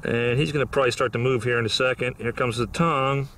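A man's voice: mid-range voice, steady tone, fast, a bit bright, distant mic, a little hiss or hum. Easygoing man narrating outdoors. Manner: easygoing, enthusiastic, thinks aloud with fillers. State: a little out of breath. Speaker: vlogger. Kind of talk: outdoor nature vlog narration. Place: outdoors on a hillside.

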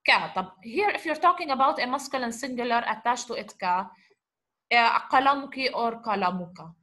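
Woman w teaching grammar, kinda high bright voice, goes over examples again and again. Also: expressive. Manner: explains slowly, repeats examples, asks rhetorical questions. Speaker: Arabic teacher. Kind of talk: recorded grammar lesson.

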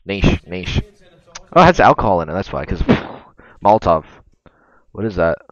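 A man reacting to meme videos as a streamer, excitable and cursing often, bursting into laughter. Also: low voice, normal speed, no room sound. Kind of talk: casual reaction commentary. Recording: dull lo-fi mic.

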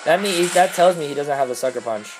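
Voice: mid-range voice, animated, music in the background, low-quality recording. Exasperated, cursing game commentator. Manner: exasperated, swearing outbursts over bad luck; rushed, mumbled strategy talk between outbursts. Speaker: video game player commentating own battles. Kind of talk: gameplay commentary.

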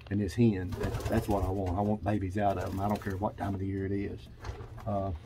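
A man's voice: lowish voice, warm tone, slight background noise, low-quality recording. A man in his seventies with a Kentucky accent, a pigeon breeder rambling through a casual walkthrough of his loft, full of fillers and repeats. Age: 70s. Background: pigeons cooing.

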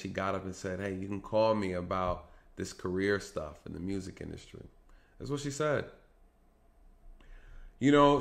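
Guy ranting on his commentary channel, keeps saying you guys and right, gets loud then drops low. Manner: swings from loud to low and muttering. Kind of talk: casual commentary monologue.

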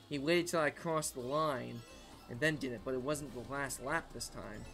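A man streaming a racing game live, chatting with his viewers in an excitable, talkative way and laughing often. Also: medium pitch, normal speed. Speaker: gaming streamer. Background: faint background music.

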